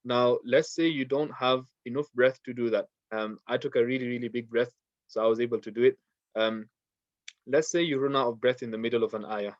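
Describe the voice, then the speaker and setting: A man's voice: mid-range voice, no room sound, muffled recording. A man teaching a beginners' Quran recitation class, patiently explaining the rules step by step and reciting verses to demonstrate them. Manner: patient, repeats steps, recites verses in Arabic. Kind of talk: online class lesson.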